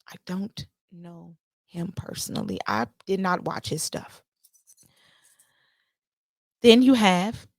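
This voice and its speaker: A woman hosting a podcast, telling a story in a casual, animated monologue and repeating herself for emphasis. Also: lowish voice, no room sound, clean studio sound. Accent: playful put-on Jamaican-style lilt at times. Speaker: podcast host.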